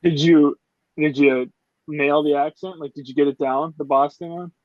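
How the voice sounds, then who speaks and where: A podcast host with an Upper Michigan accent, speaking in a fairly high voice. He chats easily and asks follow-up questions. The sound is dry and a bit muffled and lo-fi. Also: steady tone, normal speed, dry recording. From Upper Michigan, USA. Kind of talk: casual interview chat.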